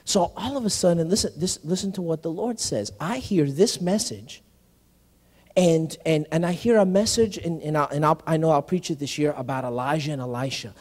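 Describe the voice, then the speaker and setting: A male senior pastor telling a personal story in a conversational sermon, animated, often saying "listen" and restarting phrases. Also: fairly high pitch. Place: church sanctuary. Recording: live sermon in a reverberant hall.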